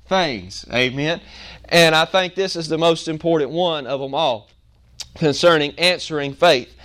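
Man, pastor, sermon, emphatic repetition, slightly high, smooth and clear. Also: a bit bright. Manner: repeats and stresses key words, pausing for emphasis. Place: church sanctuary.

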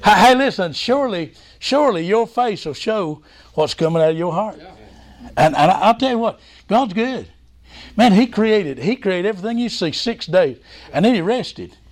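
A man preaching a sermon in a folksy, excitable way. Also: sits high, normal speed. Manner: folksy, excitable preaching with repeated "hey, listen".

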